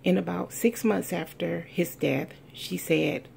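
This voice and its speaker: Low gravelly woman telling a family story. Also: a little slow, hardly any pauses, darkish tone, a little hiss or hum. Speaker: speaker sharing a personal testimony. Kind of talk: heartfelt spoken testimony.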